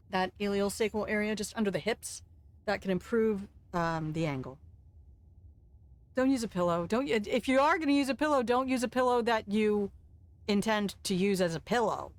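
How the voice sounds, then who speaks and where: An older woman streaming a game, giving blunt, frank advice with some swearing. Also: medium pitch. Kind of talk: casual gameplay commentary.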